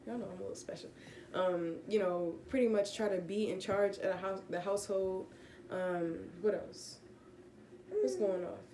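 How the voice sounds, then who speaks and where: A woman giving a relaxed, casual Bible teaching from home, rambling with fillers and self-corrections. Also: mid-range voice, normal speed, echoey room, background noise. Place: home room with pets.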